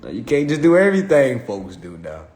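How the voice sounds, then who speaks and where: Man ranting on a live stream, swears a lot, lively ups and downs, kinda echoey room. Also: mid-range voice, moderate pace. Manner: profane, animated, laughs often. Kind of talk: casual comedic rant.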